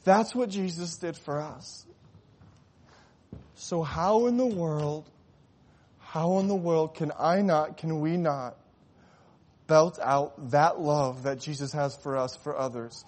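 Male preacher, sermon storytelling, impassioned peaks, hushed lows. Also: slow pace, long pauses. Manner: swells to impassioned shouting at climaxes, drops to hushed tones.

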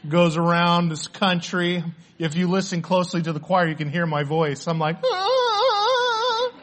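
A man's voice: high-pitched, a bit bright. A man preaching a sermon in church, earnest and storytelling, often restarting his words. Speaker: pastor.

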